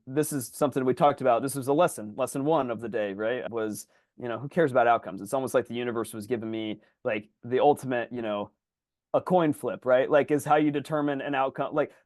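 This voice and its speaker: A man spins a story at a brisk clip, animated and loose, acting out what others said and cursing without a second thought. It is a casual guest conversation on a podcast, recorded dry and close. His pitch sits in an ordinary middle range. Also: no room sound. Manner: animated, acts out other people's lines, swears freely. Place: Indianapolis area.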